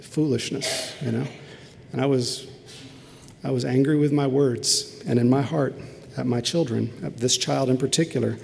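A man's voice: mid-range voice, steady tone, moderate pace, vocal fry, darkish tone, slight background noise. A middle-aged man preaching a sermon as a pastor, telling an earnest, confessional story from his own family life. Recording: long hall reverb.

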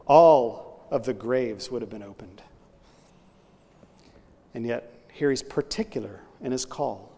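A man preaching a sermon in a mid-pitched voice. He builds to loud, booming emphasis, then falls back to a hushed tone. The sound rings with the long reverb of a large hall. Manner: earnest preaching, voice swelling loud on key points then dropping low. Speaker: pastor.

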